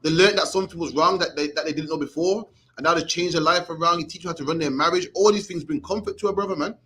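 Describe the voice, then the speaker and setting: A young man with a Birmingham English accent teaches a scripture class in a streetwise, conversational way, often ending phrases with "man". His voice is a little high, bright and forceful, with a quick pace.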